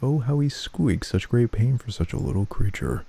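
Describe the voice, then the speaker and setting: A man's voice: expressive, moderate pace, gravelly, dark tone, slightly rough. A man doing a taunting cruel sister. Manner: taunting, sing-song, shrill when upset. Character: cruel unstable young woman, mocking sister.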